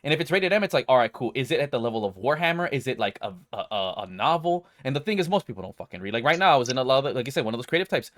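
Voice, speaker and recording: A man's voice: mid-range voice, expressive, rapid-fire, few pauses, fairly bright tone, no echo, studio quality. A man co-hosting a podcast, ranting in a heated, profane, rambling way with lots of restarts. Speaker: podcast co-host. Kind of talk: casual rant.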